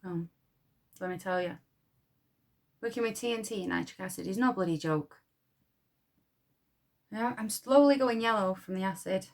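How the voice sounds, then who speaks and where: A woman's voice: mid-range voice, normal speed, pauses often, close to an everyday voice. Foul-mouthed defiant munitions lass played by a woman, yorkshire accent, scornful, blunt, dramatic monologue. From Yorkshire, England. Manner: coarse, swears freely, scornful. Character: blunt, defiant young wartime munitions girl. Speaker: munitions factory worker.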